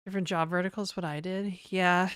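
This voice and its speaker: A young woman talks through a casual livestream, rambling and filling gaps with "like" while poking fun at herself. Her voice sits a little low and comes across smooth and clean. The sound is close and dry, with no room around it. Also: fairly even intonation, brisk, a bit bright, dry recording. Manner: rambling, self-deprecating, heavy use of "like". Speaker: streamer.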